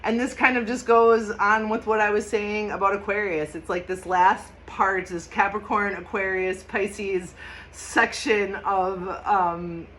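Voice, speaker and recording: A woman's voice: mid-range voice, fairly even intonation, measured pace, a little hiss or hum, rough recording. A woman hosting a casual tarot and astrology reading, chatty and emphatic, laughing often. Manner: chatty and emphatic, laughs often, bursts into loud mock shouts.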